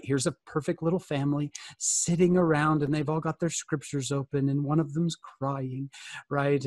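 A man talks to a youth group over a video call in a loose, joking way, tossing questions to his listeners as he goes. His voice sits at an ordinary middle pitch. The sound is close and dry, with no room echo. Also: breathy edge. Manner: joking, animated, asks the audience questions. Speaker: guest speaker answering youth questions. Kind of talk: casual fireside talk over video call.

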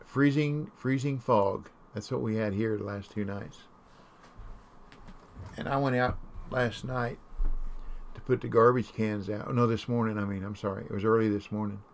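A man's voice: on the low side, fairly even intonation, normal speed, slight background noise. A man chatting casually while streaming a game, telling folksy, rambling stories. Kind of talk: casual chat while gaming.

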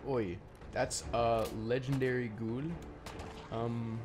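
Talking slowly and flatly in a mid-range voice, a young man from Canada eats candy as he gives rambling, casual commentary on a video game he's playing. He's a gaming YouTuber, his speech is packed with fillers and restarts, and the background is noisy.

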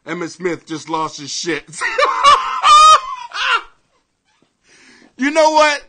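A male comedian hosting a live podcast, ranting to his viewers in an excitable, profane, rambling way and apologizing often. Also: on the high side, moderate pace.

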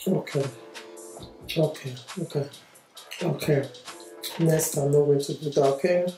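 A woman hosting a casual family vlog at home, talking gently and coaxingly to her child and viewers, often ending lines with "isn't it?". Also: low voice, steady tone, unhurried. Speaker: family vlog host and mother. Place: home, at a dining table. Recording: echoey room with faint music.

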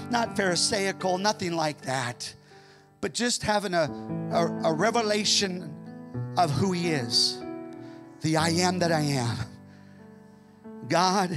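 A man preaching a Pentecostal sermon as pastor, swinging between fervent shouting and hushed, near-whispered passages. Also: fairly high pitch.

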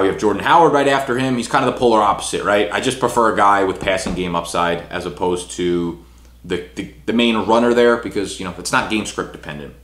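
A man's voice: low voice, a bit bright. A young man breaking down fantasy football rankings in a casual, talky way, full of "you know" and "right". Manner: fast casual delivery with fillers like "you know". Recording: echoey room.

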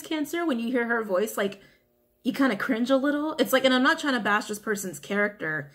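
A woman's voice: fairly high pitch, expressive, a little fast, fairly bright tone. A woman giving a casual, chatty tarot reading to viewers, often repeating her questions to the cards. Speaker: tarot reader.

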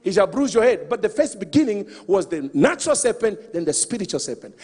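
A man preaching a sermon in an animated way, calling out to the congregation and acting out the figures in the story. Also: sits high, fast talker, few pauses, slightly rough, big-room sound.

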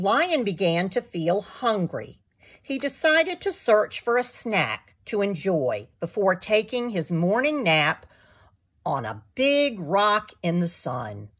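Slow, breathy storybook narrator woman. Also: mid-range voice, a bit bright. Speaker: children's book author. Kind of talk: storybook read-aloud for young children.

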